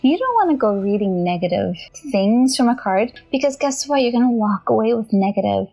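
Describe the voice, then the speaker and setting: A woman casually teaching tarot, chatty and animated, often giggling and addressing viewers directly. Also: fairly high pitch, brisk, creaky, breathy edge. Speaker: tarot reader and channel host.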